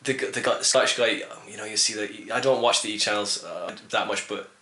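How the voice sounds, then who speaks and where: A man's voice: on the low side, fairly quick, bright, forceful tone, reverberant. A man hosting a casual podcast chat, rambling and joking, swearing freely. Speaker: podcast host.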